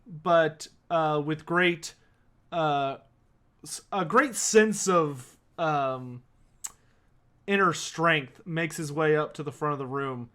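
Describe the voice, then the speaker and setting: A man narrating a tabletop game as game master, in a relaxed way with many fillers. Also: a little high, takes it slowly, clean tone.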